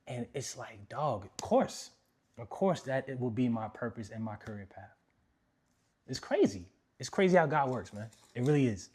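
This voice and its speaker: A young New York man with a mid-range voice, who works as a motivational speaker, tells his life story in a relaxed Q&A, using lively, slangy emphasis.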